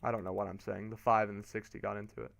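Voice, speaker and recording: A young man streaming a racing game, giving casual play-by-play commentary that turns excitable on restarts. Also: fairly low pitch, very fast, gravelly. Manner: excitable, rises to shouting on restarts.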